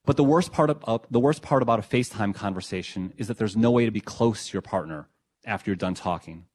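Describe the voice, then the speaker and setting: A young adult man reading his own memoir essay in a reflective, measured, quietly emotional way. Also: lowish voice, breathy edge. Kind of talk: first-person memoir reading.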